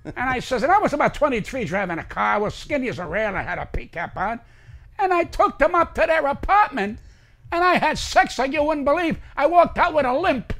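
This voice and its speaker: A man's voice: extremely high pitch, very animated, a little fast, fairly bright tone. An older man, a comedian guest telling brash, profane, rambling stories in an interview. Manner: brash, profane, rambling anecdotes with acted-out quotes.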